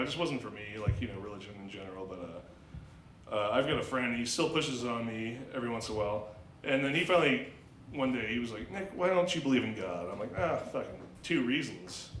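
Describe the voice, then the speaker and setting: Rambling crude comic in an echoey club. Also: male voice, medium pitch, fairly bright tone, slight background noise. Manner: crude, rambling, halting with many fillers. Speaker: stand-up comedian at open mic. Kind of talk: stand-up comedy set. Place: small club stage.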